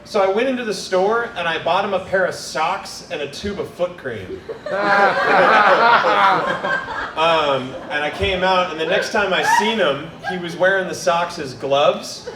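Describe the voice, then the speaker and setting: A man's voice: high voice, unhurried. A man performing a stand-up set, telling casual stories that build to crude punchlines. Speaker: stand-up comedian. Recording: echoey room, distant camera mic, noisy.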